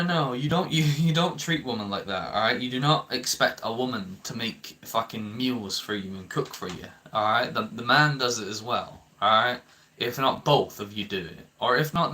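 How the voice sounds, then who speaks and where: A young vlogger rants to camera in a medium-pitched, pushed and bright voice. He's heated and swears often, stammering and restarting frequently as he talks to his viewers.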